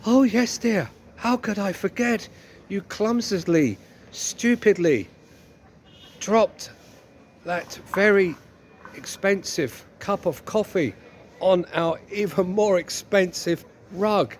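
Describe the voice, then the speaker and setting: A man's voice: sits high, lively intonation, slow pace, a little hiss or hum, voice pushed up. A man playing a nagging wife who sweetly mocks her husband and keeps calling him dear. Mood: mocking. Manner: sweetly mocking, repeats "dear". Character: nagging middle-aged wife who never lets things go.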